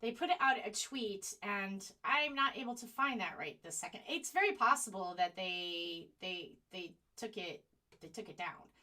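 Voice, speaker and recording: Her voice is bright, clear and mid-range as she hosts a live online stream, addressing viewers directly. Animated and indignant, she turns apologetic while searching for links on her sluggish computer.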